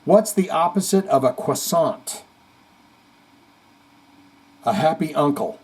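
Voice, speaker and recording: A man's voice: fairly high pitch, animated, slow pace, a little mellow, husky. A man hosting a casual heavy metal chat stream, reading viewer comments aloud with jokey asides. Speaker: host.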